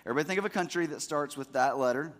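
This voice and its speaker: A man's voice: on the high side, rapid-fire, a bit bright. A man in his thirties, a pastor giving a sermon, talking casually and checking that the congregation is following along.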